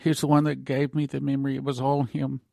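A man's voice: mid-range voice, completely flat delivery, quick pace, gravelly, warm tone, no echo, studio quality. A man hosting a Christian broadcast, talking earnestly and growing emotional as he speaks. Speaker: host.

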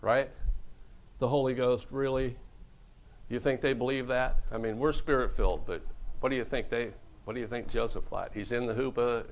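Pastor, middle-aged man, gravelly voice, preaches with jokes and acted-out quotes. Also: medium pitch, normal speed, a little hiss or hum, rough recording. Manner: joking, storytelling, acts out quoted voices. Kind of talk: humorous sermon.

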